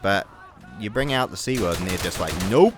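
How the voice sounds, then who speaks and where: A man's voice: sits low, fairly quick, noisy background. A young New Zealand man with a New Zealand accent, rambling and swearing through gameplay commentary, with angry outbursts. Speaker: gaming video creator.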